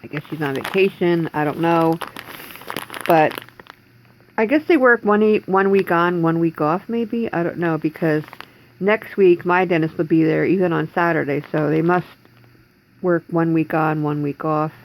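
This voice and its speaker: A woman's voice: deep voice, moderate pace, a little hiss or hum, low-quality recording. A woman in her forties talking in a rambling, distressed way in a personal video diary from home, holding back tears. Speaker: vlogger.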